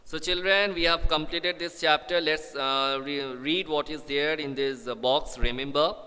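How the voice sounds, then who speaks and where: A man's voice: fairly high pitch, fairly even intonation, a little slow, pushed and bright, clear, resonant tone, long reverb tail. A man teaching a live grammar lesson, patiently repeating example sentences for his pupils. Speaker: school English teacher.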